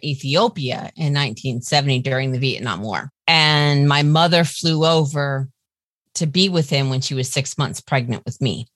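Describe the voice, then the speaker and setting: A woman's voice: low-pitched, fairly bright tone, no echo, clean studio sound. A woman in her fifties with a New York accent, a guest telling her life story in a candid, chatty way. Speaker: interview guest. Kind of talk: casual interview chat.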